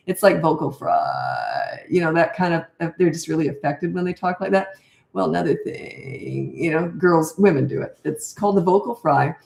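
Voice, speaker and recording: A woman's voice: on the low side, creaky, a little mellow, reverberant. An older woman, a parenting coach, answering viewer questions in a casual live Q&A, blunt and off-the-cuff, thinking aloud as she goes.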